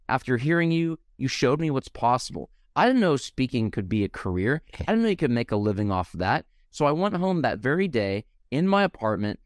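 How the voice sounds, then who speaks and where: A man's voice: mid-range voice, no echo, studio quality. Passionate young male podcast host. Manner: passionate, heartfelt, animated. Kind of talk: podcast interview.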